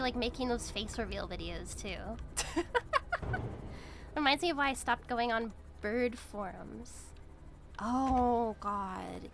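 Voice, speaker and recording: A woman's voice: on the high side, noisy background. A woman streamer chatting casually while she plays, blunt and profane, rambling with lots of fillers. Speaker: VTuber streamer.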